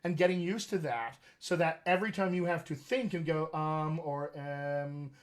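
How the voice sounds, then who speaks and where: A man's voice: sits high, brisk. A man hosting a live accent Q&A as a dialect coach, teaching with emphatic enthusiasm. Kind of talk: live Q&A session.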